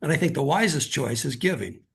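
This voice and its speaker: A man's voice: medium pitch, animated, brisk, gravelly, slightly rough. A middle-aged man, a guest author, earnestly telling a personal story in conversation and often repeating words as he starts a thought.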